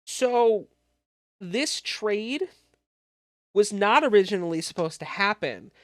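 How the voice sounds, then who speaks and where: A co-host in loose, animated sports chat. The voice sits at a middle pitch, with a dry, close sound and almost no room around it. They swear easily along the way. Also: slow, no room sound. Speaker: podcast co-host.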